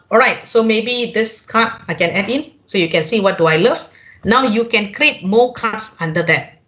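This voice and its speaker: A man with a Malaysian English accent, a university lecturer walking attendees through a software demo in a live online workshop, talking conversationally and tagging points with "huh?" and "right?". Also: high-pitched.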